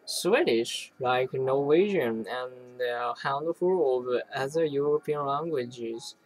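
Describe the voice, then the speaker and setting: A person reading an academic text aloud, halting often to restart and correct words. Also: mid-range voice, rough recording. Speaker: reader.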